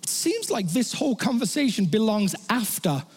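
A male pastor delivers a sermon in a church, his voice pitched fairly high for a man. He talks conversationally, dropping humorous asides to the congregation. A long reverb trails his words through the hall. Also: big pitch swings, normal speed, darkish tone, slightly rough.

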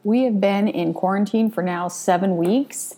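A woman's voice: mid-range voice, normal speed, mellow. A middle-aged woman hosting her own podcast, recounting a personal story in a conversational way. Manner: conversational, recounting events with feeling. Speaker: podcast host.

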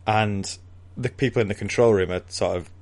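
A man's voice: lowish voice, moderate pace, darkish tone. A man co-hosting a casual book discussion, retelling scenes with playful quoted voices and frequent laughter. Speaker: podcast co-host.

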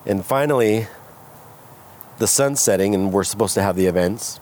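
A man from California, a guest entrepreneur, candidly telling his story with animated retellings of what people said. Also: fairly low pitch, moderate pace, slight background noise. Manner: animated, acts out quoted voices. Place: outdoors by a smoky fire.

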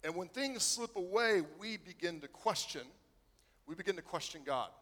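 A man preaching a sermon, telling a story that swings from hushed to excited. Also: sits high, moderate pace, in a large hall. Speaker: pastor.

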